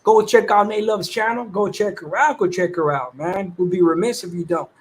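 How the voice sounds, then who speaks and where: A man with a fairly high voice chats on a casual livestream. He talks in loose, laid-back slang, swears freely and greets viewers one by one. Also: steady tone, normal speed. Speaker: livestream host.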